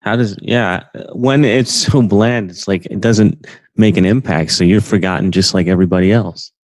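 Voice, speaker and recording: A man's voice: on the low side, normal speed, a little mellow, no echo. A man co-hosting a podcast, agreeing and chiming in briefly in casual chat. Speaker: podcast co-host.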